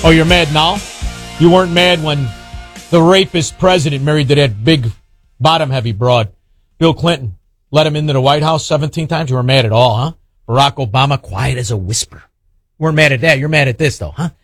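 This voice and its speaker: A man's voice: on the high side, brisk, dry recording, clean studio sound, soft background music. A man hosting a radio talk show, ranting sarcastically and hurling insults at his opponents. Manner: sarcastic, mocking, hurls insults. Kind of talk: combative talk radio rant.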